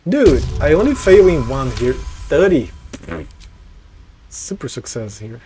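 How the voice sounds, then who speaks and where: A man's voice: on the high side, sing-song, unhurried, background noise. A young man streaming a video game, chatting casually, swearing and reading item text aloud. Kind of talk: casual gameplay commentary.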